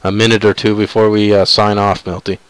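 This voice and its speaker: A man hosting a live sim racing broadcast, talking in a halting way full of fillers. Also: fairly low pitch, little pitch movement, clean tone, no room sound, rough recording. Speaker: broadcast host.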